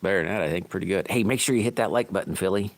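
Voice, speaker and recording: A man's voice: low voice, very fast. A man hosting a casual livestream while working at his bench, chatting in a rambling, folksy way and chuckling at himself. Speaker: livestream host making slingshots.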